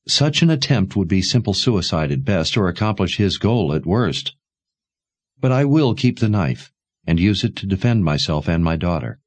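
A man's voice: low-pitched, darkish tone, dry recording. A man reading aloud and voicing a wary middle-aged mother protecting her daughter, in an earnest, pleading way.

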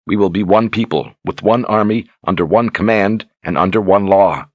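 A man's voice: lowish voice, normal speed, dry recording, lightly acted. A man reading as a solemn young queen. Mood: grave. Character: grave young queen reading a letter aloud.

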